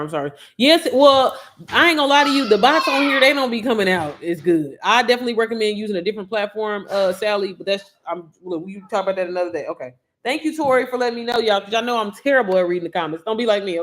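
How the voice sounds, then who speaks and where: Woman host, casual livestream coach, chatty and slangy, speaks to the audience, lively swings in pitch and volume. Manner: chatty, slangy, addresses viewers directly. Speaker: online business coach.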